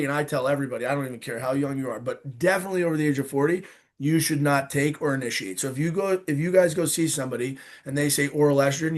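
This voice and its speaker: A male doctor giving informal, emphatic expert answers as a guest in an interview. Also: fairly high pitch. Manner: emphatic, informal, direct advice.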